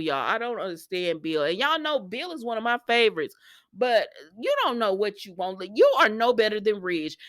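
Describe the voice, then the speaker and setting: A woman in a casual, animated recap of a soap opera, acting out the characters' lines and laughing often. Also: medium pitch, no room sound, clean studio sound. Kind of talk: casual recap retelling scenes.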